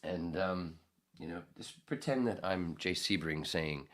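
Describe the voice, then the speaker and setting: Deep-voiced man, profane rambling podcast host. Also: a little slow. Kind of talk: casual podcast chat, reading out live chat comments.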